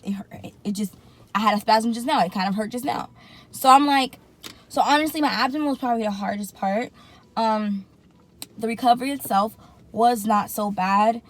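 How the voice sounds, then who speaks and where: A woman's voice: fairly high pitch, fairly quick. A woman vlogger, telling a casual story while in some pain after surgery and acting out her own reactions. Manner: animated, acts out her own reactions in quotes.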